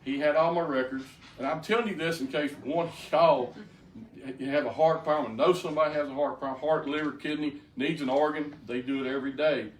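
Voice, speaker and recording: A man's voice: on the high side, steady tone, fairly quick. Brief: older man, folksy testimony, stammering restarts, echoey room with faint noise behind. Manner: plainspoken storyteller with frequent stammered restarts. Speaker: speaker giving a personal testimony. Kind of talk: folksy personal testimony to a group. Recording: roomy, distant mic, faint background noise.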